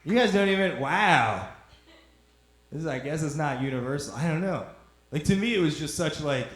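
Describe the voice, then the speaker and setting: A man's voice: fairly high pitch, expressive, moderate pace, a bit bright. Rambling stand-up man in echoey club. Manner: rambling, teasing the audience, drawling. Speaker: stand-up comedian. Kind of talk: stand-up comedy set. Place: comedy club stage.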